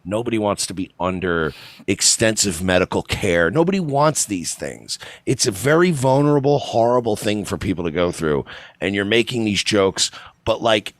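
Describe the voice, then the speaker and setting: A man's voice: on the low side, very animated, normal speed, dry recording, studio quality. A man co-hosting a podcast in casual chat, blunt and sarcastic, often exasperated. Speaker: podcast co-host.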